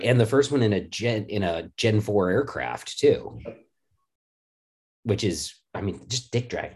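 A middle-aged man, a podcast co-host, chatting casually and telling stories excitedly, swearing freely. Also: on the low side, husky. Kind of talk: casual chat.

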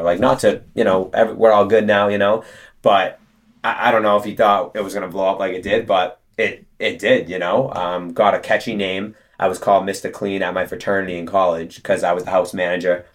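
A young man talks casually in an interview, his voice sitting very low. He rambles through his story with plenty of "um" and "you know". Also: level tone, fairly quick. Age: 20s. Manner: chatty, storytelling with many fillers. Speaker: guest, detailing business co-owner.

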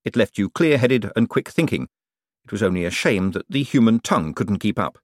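Man narrating an audiobook, low and expressive. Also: fairly quick, no room sound, studio quality. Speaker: audiobook reader.

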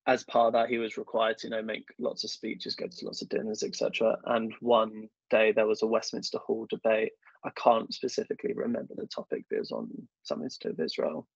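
Young man, casual self-deprecating storyteller, lowish husky voice. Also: quick pace, no room sound. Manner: chatty, self-deprecating storyteller with many fillers. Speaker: podcast guest, government affairs professional. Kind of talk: casual conversational interview. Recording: dull dry lo-fi sound.

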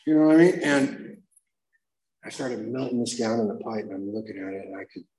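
A man telling his own recovery story at a meeting, slangy and animated, acting out the voices he quotes. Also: lowish voice, echoey room, slight background noise, low-quality recording.

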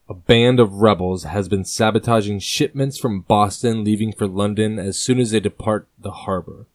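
Man as a furious royal in grief, booming commands, dry close recording. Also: darkish tone, dry recording, lightly acted. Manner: booming, rising into anger. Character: grieving, furious male king, commanding.

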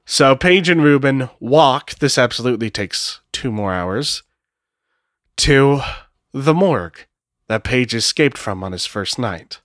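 A man narrates a solo tabletop role-playing game and thinks aloud in a casual, unhurried way, swearing here and there. His voice sits at a middle pitch. The sound is dry and close. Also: animated, fairly bright tone, dry recording. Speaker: game master.

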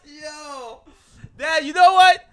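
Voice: sits high, slow, a bit bright. A podcast host in casual chat who tells stories animatedly, laughs often and swears freely.

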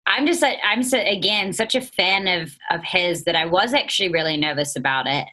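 A woman's voice: lowish voice, brisk. Giggly New Zealand woman in her thirties. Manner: giggly, animated, laughs often. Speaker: guest. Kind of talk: casual interview chat.

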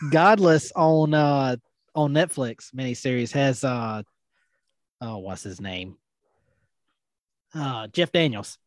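A man's voice: mid-range voice, animated, slow, long pauses, no room sound, studio quality. A man co-hosting a casual podcast chat, joking with friends and recommending old shows in loose, rambling sentences. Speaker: podcast co-host.

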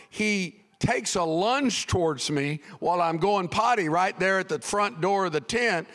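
A middle-aged male pastor telling a comic story in a sermon, animated and prone to sudden shouts. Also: high-pitched, moderate pace, hardly any pauses, big-room sound.

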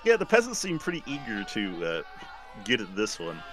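A man running a tabletop game, his bright voice rising and falling a lot as he narrates. He pauses to fill gaps as he goes, with an eager, animated delivery. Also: lowish voice. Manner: halting, many fillers. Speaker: game master.

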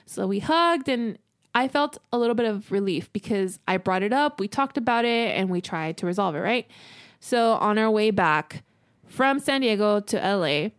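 A young woman co-hosting a podcast, telling a personal story in an animated, exasperated way and swearing freely. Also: mid-range voice, moderate pace, clean tone, no echo, clean studio sound. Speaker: podcast co-host.

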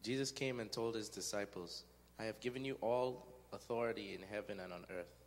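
A man from the congregation reading scripture aloud in a steady, plain way. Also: on the low side, a little fast. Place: church hall. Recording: reverberant hall with faint hum.

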